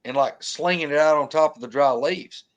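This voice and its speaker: A man, telling a long encounter story in casual talk, colloquial and animated, mimicking the sounds he heard. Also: fairly high pitch, normal speed, highs cut off.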